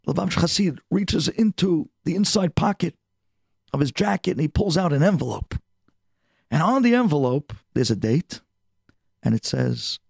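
Storyteller, male, raspy and gravelly, dramatic delivery, dry sound. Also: medium pitch, animated, normal speed, pauses often, darkish tone, no echo. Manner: dramatic, emotive narration. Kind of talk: religious storytelling.

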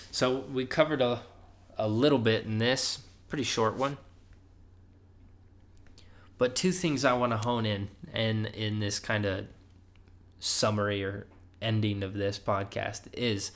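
A man's voice: fairly low pitch, fairly bright tone. A young adult man giving a casual podcast sermon as a preacher, conversational and often asking "right?", rising with emphasis when he urges his listeners.

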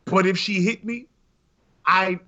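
Man, podcast host, casual banter, slightly high voice, bright tone. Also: takes it slowly, highs cut off. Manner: laughing, animated banter. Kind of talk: casual chat.

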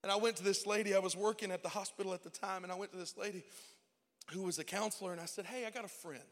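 A young adult man preaching a sermon in a church, tearful and emotional, dropping to near whispers and rising to shouted cries. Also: high voice, steady tone, fast. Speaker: pastor. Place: church sanctuary. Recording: long hall reverb with faint music.

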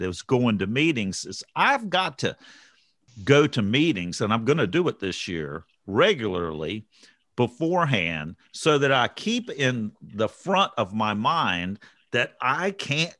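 Guy in a group chat, bright lively voice, dry close sound. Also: medium pitch, no echo. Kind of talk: casual group chat on recovery.

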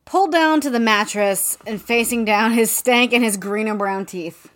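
A woman's voice: a little high, moderate pace. A woman co-hosting a casual podcast, recapping a book with lots of swearing and joking. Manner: profane, joking, animated retelling with quoted voices. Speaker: podcast co-host.

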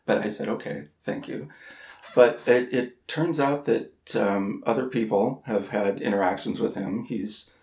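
A man co-hosting a podcast, telling a story in casual chat, halting and repeating words, laughing at himself. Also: on the low side, a little mellow, echoey room. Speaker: podcast co-host.

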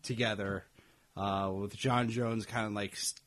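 A man co-hosting a casual review podcast, speaking haltingly with frequent restarts and "uh"s. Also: fairly low pitch, fairly even intonation, fairly bright tone. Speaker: podcast co-host.

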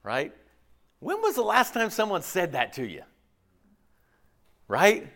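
A man preaching a sermon in an animated, rhetorical way, often checking in with the congregation. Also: sits high, slow. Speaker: pastor.

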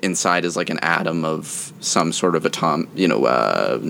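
Deep-voiced man, rambling podcast co-host. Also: animated, moderate pace, gravelly, a bit bright, a little hiss or hum. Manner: hesitant, rambling with many restarts. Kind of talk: casual chat.

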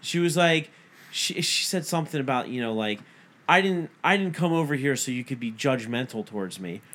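A man's voice: mid-range voice, a little fast. A man in his thirties, a podcast co-host, telling a story in casual chat, swearing often and acting out both sides of the dialogue. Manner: profane, animated retelling with quoted dialogue.

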